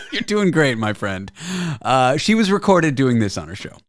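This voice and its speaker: A man's voice: medium pitch, big pitch swings, measured pace, no room sound, clean studio sound. A man from Canada hosting a comedy podcast, wry and teasing, often laughing. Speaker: podcast host.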